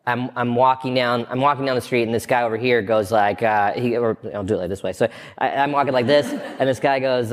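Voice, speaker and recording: A man in his thirties, a comedian guest in a casual interview, telling stories with lots of laughter and acting out other people's lines. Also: mid-range voice. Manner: animated storyteller, acts out quoted lines, laughs often. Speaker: guest, comedian and show creator.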